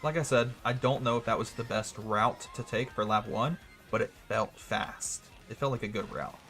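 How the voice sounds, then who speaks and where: A man's voice: lowish voice, moderate pace, fairly bright tone, faint music behind. A man casually commentating a racing game livestream, chatty and self-mocking, with hiccups and a little wheezing. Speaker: streamer.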